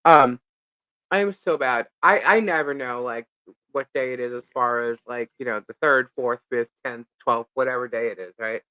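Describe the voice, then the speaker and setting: A woman's voice: very deep voice, moderate pace, no echo, dull audio. A woman co-hosting a live stream, telling a rambling story in casual chat, laughing often and filling with "uh" and "like".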